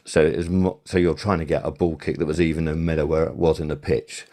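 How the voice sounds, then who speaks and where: A man's voice: a bass voice, level tone, quick pace, darkish tone. An older man, a former sound supervisor, telling long rambling anecdotes in a casual podcast interview, full of fillers and restarts.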